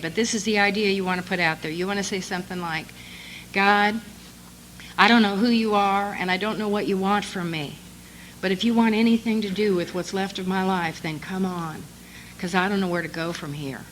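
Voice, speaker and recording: A woman's voice: mid-range voice, slight background noise, poor audio. Woman telling her recovery story. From United States. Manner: conversational storytelling, quotes others with animated voice shifts. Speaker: speaker sharing recovery story. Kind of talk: conference talk.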